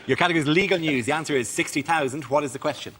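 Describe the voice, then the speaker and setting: A man hosting a comedy panel show, reading questions and making wry quips. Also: a little high. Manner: quick, wry, ad-libbing. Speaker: quiz show host. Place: TV studio with live audience. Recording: noisy TV studio with audience.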